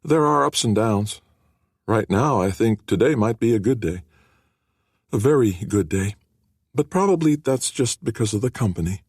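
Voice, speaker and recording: A husky-voiced man voicing a shy, frail young woman who speaks softly and with wonder. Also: on the low side, lively intonation, normal speed, dry recording, studio quality, pitched above the performer's own voice.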